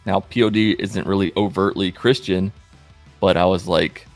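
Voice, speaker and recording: A man in his late twenties telling stories in a wry, self-deprecating, animated way as a vlogger. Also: low voice, moderate pace, faint music behind. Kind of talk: casual self-mocking storytelling.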